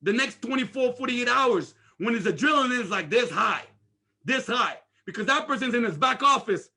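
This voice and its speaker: High, bright-voiced energetic sales trainer. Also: male voice, measured pace, gravelly. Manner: energetic, repetitive, full of rhetorical questions. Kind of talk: motivational training talk.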